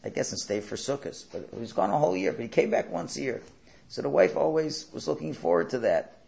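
A man's voice: on the high side, big pitch swings, quick pace, vocal fry, a little mellow. A man teaching a Torah class, telling stories and asking rhetorical questions that he answers himself. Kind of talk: lecture with storytelling.

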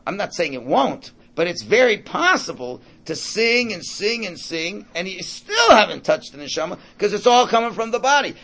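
A man teaches an informal Torah class, his voice pitched high and swinging widely. He talks conversationally, repeating words while thinking aloud and mixing in Hebrew and Yiddish terms. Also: a bit bright.

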